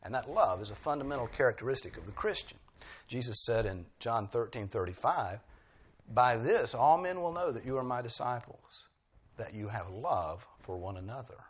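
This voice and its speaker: A man's voice: mid-range voice, lively intonation, moderate pace, husky. A male preacher delivering an expository sermon, pressing key phrases with emphatic bursts.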